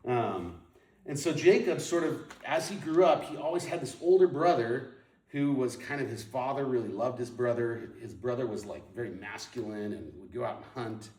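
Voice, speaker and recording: A man's voice: mid-range voice, moderate pace, recorded from a distance. Man telling his story in a roomy hall. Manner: storytelling, animated, lots of ums and restarts. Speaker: speaker sharing his testimony. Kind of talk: personal testimony talk. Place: moved to Portland in the nineties.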